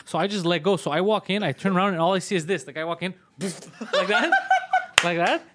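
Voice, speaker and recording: A man's voice: high voice, a little fast, very noisy. A man hosting a comedy podcast in casual banter, swearing constantly and ranting with rising heat.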